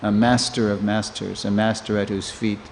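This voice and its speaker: A man in his sixties giving a storytelling scripture class in a temple, a lively teller who acts out the people he quotes. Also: on the low side, moderate pace, gravelly. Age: 60s. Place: temple hall. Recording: long reverb of a hall, faint noise.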